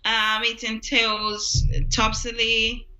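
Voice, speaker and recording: A woman with a Scottish accent, a guest giving short, measured answers in a casual interview. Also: on the high side, monotone, pushed and bright, soft background music, poor audio. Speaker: guest entrepreneur.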